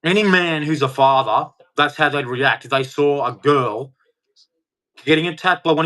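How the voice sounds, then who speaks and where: A man's voice: a little high, moderate pace, bright, forceful tone. A man delivering an angry, heated rant, swearing and speaking with hard emphasis. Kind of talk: angry ranting monologue.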